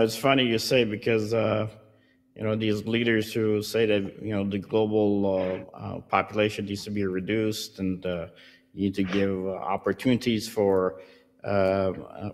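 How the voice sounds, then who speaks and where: Low voice guy hosting a show, lots of uhs, friendly, halting. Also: little pitch movement. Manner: halting, heavy with fillers, friendly. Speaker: podcast host. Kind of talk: casual interview hosting.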